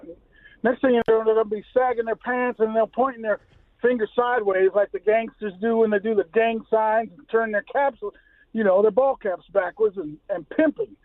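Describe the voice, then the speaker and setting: A man's voice: high voice, fairly quick, no room sound. A man calling in to a radio show, speaking bluntly and indignantly. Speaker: caller. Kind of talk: call-in radio comment. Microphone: telephone. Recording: phone line.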